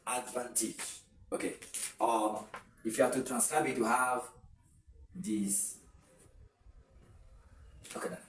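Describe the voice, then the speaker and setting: Nigerian man, English pronunciation teacher, slow and repetitive, echoey room, off-mic. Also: medium pitch, steady tone, recorded from a distance, a little hiss or hum. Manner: explains slowly, repeats words and drawls them out. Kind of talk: online pronunciation lesson.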